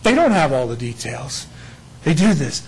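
A man preaching a sermon, emphatic and animated, often voicing God's words in quick asides. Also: mid-range voice, husky, rough recording. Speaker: pastor.

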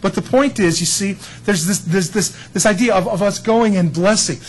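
A male pastor gives a conversational sermon, acting out quotes from the people he describes. His voice is high and husky at a moderate pace, on a low-quality recording.

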